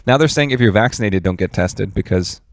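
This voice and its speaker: A man co-hosting a podcast, explaining things at length in a relaxed, easygoing way, with many fillers. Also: low voice, brisk, no echo, clean studio sound. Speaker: podcast co-host. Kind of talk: casual chat.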